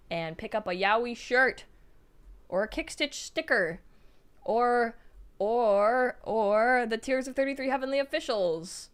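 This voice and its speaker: A young woman streaming live, reading out chat messages and reacting in a bubbly, excitable way. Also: a little high.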